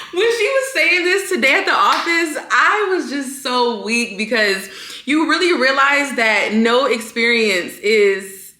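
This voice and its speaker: Chatty young woman vlogger, echoey room. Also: a little high. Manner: chatty and animated, full of fillers. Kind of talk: casual chat to camera.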